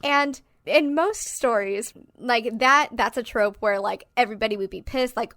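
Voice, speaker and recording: A woman's voice: a little high, normal speed, fairly bright tone, no room sound. A woman co-hosting a podcast in casual chat, talking emphatically and swearing often. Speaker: podcast co-host.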